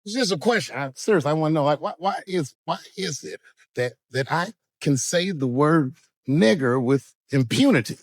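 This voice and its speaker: This comedian delivers profane stand-up stories with wide swings in pitch and loudness, dropping to low mutters and rising to loud, high bursts. His voice is animated and slightly high for a man, at a moderate pace, in a close, dry, rough recording.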